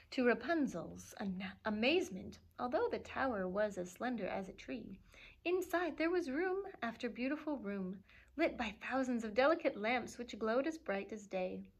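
Expressive woman reading a storybook aloud. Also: a little high, normal speed. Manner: expressive, with playful asides and gasps. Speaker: children's librarian.

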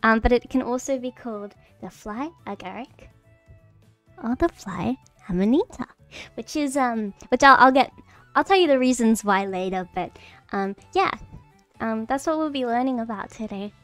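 Bubbly, rambling woman with a smooth voice. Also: a little high, animated, dry recording. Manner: rambling, halting, many fillers and restarts; bubbly, repeats phrases playfully. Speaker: streamer teaching a mycology lesson. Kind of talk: casual livestream lesson. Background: faint background music.

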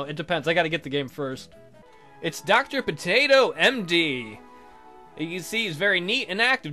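A man's voice: high voice, pushed and bright. A man giving casual gameplay commentary as a let's player, joking and rambling, swearing freely. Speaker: video game let's player.

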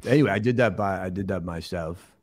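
A man's voice: sits low, darkish tone. Man doing a mumbling aging action star. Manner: halting, rambling, tongue-tied. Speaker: comedy show host. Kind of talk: improvised comedy sketch.

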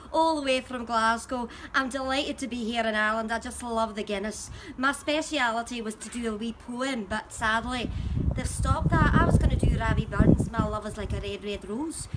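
A chatty, cheeky Glaswegian pageant contestant, as a woman puts her on, speaking in a broad Glaswegian accent. The voice is fairly high and has a faint hum of noise behind it. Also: normal speed, fairly bright tone, lightly acted. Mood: cheery.

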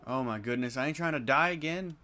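A young man doing jokey, excitable commentary while playing a video game. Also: medium pitch, brisk. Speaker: gaming YouTuber. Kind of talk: gameplay commentary. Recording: game music behind.

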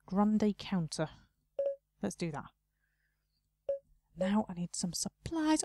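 A woman's voice: fairly low pitch, sing-song, a little slow, pauses often, warm tone, dry recording, clean studio sound. A woman talking casually to herself while playing a video game, muttering and playfully scolding the game's customers. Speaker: gaming video host. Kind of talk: casual let's play commentary.

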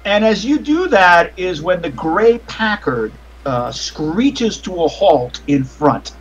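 A man's voice: sits high, big pitch swings, slow, rough recording. A man running a tabletop game as game master, narrating in a meandering, hesitant way over online voice chat.

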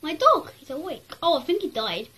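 A woman giving casual gameplay commentary, rambling and excitable, talking to herself as she plays. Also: high voice, brisk, low-quality recording. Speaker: gaming YouTuber.

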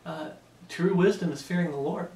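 A man's voice: on the high side, moderate pace, a little mellow. A man giving an emphatic sermon-style Bible teaching, often checking in with "okay?". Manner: emphatic, repeatedly asking "Okay?". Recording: echoey room, mic set far off.

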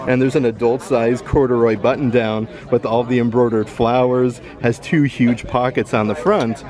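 A man's voice: medium pitch, steady tone, moderate pace, darkish tone. A man filming a casual shopping vlog in an outlet store, upbeat as he describes merchandise and prices. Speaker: vlogger.

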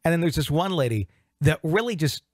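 A man's voice: on the high side, expressive, fairly quick, a little mellow, no room sound, studio quality. A man hosting a podcast in casual chat, joking and mimicking radio DJs. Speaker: podcast host.

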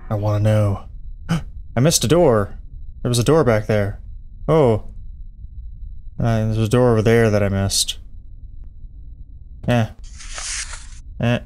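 A man swearing through a game, slow-talking. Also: lowish voice, a little mellow. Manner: profane, thinks aloud, jumpy when startled. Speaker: let's play commentator. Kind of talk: casual gameplay commentary. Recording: game music over voice.

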